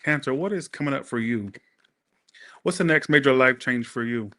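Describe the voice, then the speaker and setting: Bright-voiced rambling tarot reader man. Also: mid-range voice, normal speed. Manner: rambling, profane, talks to viewers. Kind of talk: casual chatty tarot reading.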